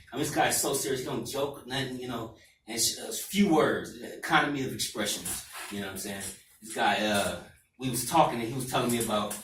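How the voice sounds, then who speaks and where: Stand-up comic, mid-pitched man, rambling storyteller, club mic far and roomy. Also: a bit bright. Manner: loose, rambling storytelling with asides. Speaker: stand-up comedian. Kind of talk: stand-up set. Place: comedy club stage. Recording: echoey club from far off, faint noise.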